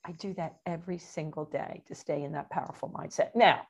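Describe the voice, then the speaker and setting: A woman who is a motivational speaker, telling stories as an interview guest in an animated way, often laughing and acting out quotes. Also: low-pitched, fairly quick, creaky, breathy edge. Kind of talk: casual interview storytelling.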